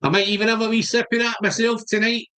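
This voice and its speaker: A man's voice: high voice, level tone, fast talker, sharp tone, smooth. A Scottish man hosting a live stream, chatting casually and greeting viewers by name. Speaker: whisky channel host.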